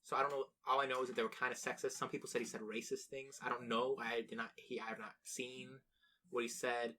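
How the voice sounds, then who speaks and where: A young man chatting on a podcast in a loose, rambling way, tripping over restarts and cursing freely. His voice is mid-pitched and notably bright. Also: flat delivery, quick pace, a little hiss or hum. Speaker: podcast co-host. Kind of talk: casual chat.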